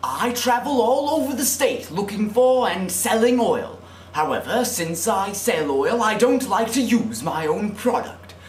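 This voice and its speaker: A young man playing a greedy, contemptuous oil salesman in a student film, pompous and given to furious yelling. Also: sits high, sing-song, a little slow, echoey room, a little hiss or hum. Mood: smug. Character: greedy, cruel male oil salesman who bicycles. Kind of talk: amateur student film acting. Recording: background music under the voice.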